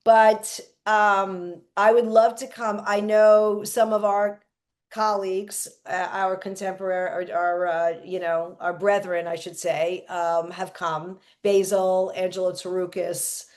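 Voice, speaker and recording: A woman with a middle-range voice hosts a casual chat. She talks earnestly and fills her pauses with small hesitations as she shares her plans. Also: mid-range voice, little pitch movement, darkish tone. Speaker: podcast host and comedian.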